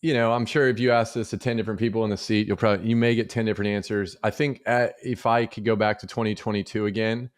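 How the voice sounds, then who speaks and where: A middle-aged man talking as a guest in a casual interview, relaxed and rambling with many fillers and asides. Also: on the low side, fast, few pauses. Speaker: guest, real estate investor.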